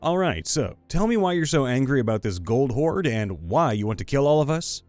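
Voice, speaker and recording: A man voicing a calm, smooth-talking 1920s businessman who talks like a salesman giving soothing therapy patter. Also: medium pitch, normal speed, no echo, faint music behind, close to an everyday voice. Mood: coaxing.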